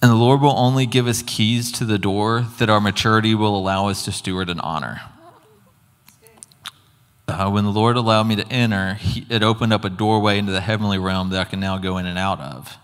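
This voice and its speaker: A man's voice: lowish voice, fairly even intonation, brisk, smooth. A man giving an earnest, conversational sermon testimony with casual asides. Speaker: preacher. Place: church hall. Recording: long hall reverb.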